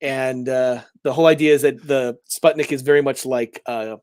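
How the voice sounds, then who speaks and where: A man co-hosting a casual livestream chat, talking in an animated, playful way and slipping into silly voices. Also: mid-range voice, moderate pace, no echo, studio quality. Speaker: co-host.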